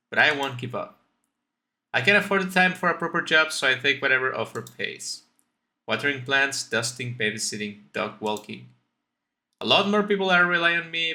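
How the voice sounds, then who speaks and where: A man's voice: mid-range voice, vocal fry, pushed and bright, exaggerated voice. A man voicing an earnest, devoted young male student, reading game dialogue aloud in a raised, eager voice.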